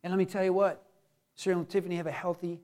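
A man preaching a sermon as pastor, animated, acting out the inner voices of his listeners. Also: sits high, fast talker.

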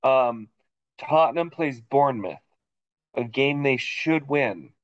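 Man, casual podcast co-host, rambling joker, mid pitch, slightly muffled lo-fi sound. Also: animated, takes it slowly. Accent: Boston. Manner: joking, rambling storyteller. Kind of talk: casual chat.

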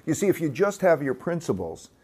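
Measured man explaining an idea. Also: fairly high pitch, big pitch swings, darkish tone, husky. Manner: measured, explanatory, with hesitant fillers. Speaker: guest. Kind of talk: casual conversation.

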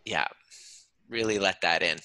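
Intense bright-voiced man coaching. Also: low voice, unhurried, no room sound. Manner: intense, soothing, swears freely. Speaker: guest, chiropractor and educator. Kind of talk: guided emotional coaching.

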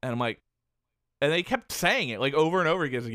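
A man's voice: a little high, quick pace, dry recording, studio quality. A man telling a long story in casual chat, swearing often and filling with "like". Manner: animated, profane, heavy use of "like".

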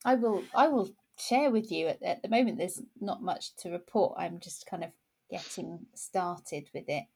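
A woman in casual conversation, talking thoughtfully with frequent restarts and pauses. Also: fairly low pitch, gravelly, warm tone, breathy edge.

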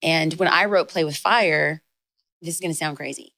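Female guest, young adult, low-set voice, animated storyteller, dry close mic. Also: gravelly, no room sound. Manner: storytelling, fast bursts with excited rises in quoted lines. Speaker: podcast guest, author and speaker. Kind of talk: casual chat.

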